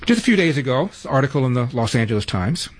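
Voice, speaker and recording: A man's voice: mid-range voice, very animated, fast. A man hosting a talk radio show, running through headlines with wry, sarcastic asides.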